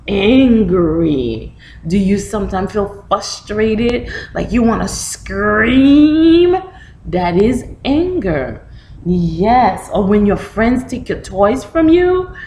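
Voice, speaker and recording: A woman with a medium-pitched voice reads a picture book aloud to young children, asking questions and animatedly acting out how characters react. It's a storytime lesson in an echoey room, on a low-quality recording with a little hiss or hum.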